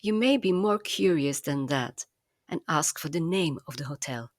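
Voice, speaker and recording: A woman narrating a language lesson in a slow, careful, clearly enunciated teaching manner. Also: deep voice, animated, no room sound, studio quality.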